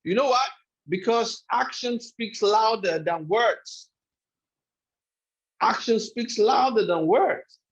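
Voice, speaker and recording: A man's voice: high-pitched, slow pace, long pauses. A man giving a motivational webinar lecture, speaking emphatically and repeating key phrases for effect. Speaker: webinar speaker on life skills. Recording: echoey room, dull lo-fi sound.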